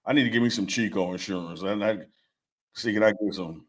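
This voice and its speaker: A man's voice: fairly low pitch, a little fast. A man co-hosting a casual sports talk show, teasing his partner in laid-back banter. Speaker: co-host.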